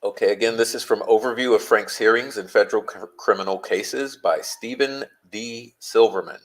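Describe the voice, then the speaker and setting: A man acting as a legal commentator, reading legal passages aloud and explaining them deliberately, stressing key phrases. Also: fairly low pitch, rough recording.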